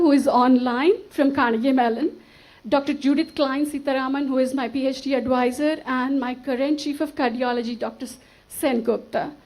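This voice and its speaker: A woman's voice: high voice, darkish tone, poor audio. A woman from India giving a formal, earnest acceptance speech on an auditorium stage, speaking with gratitude and some emotion into a podium mic. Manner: earnest, grateful, slightly emotional.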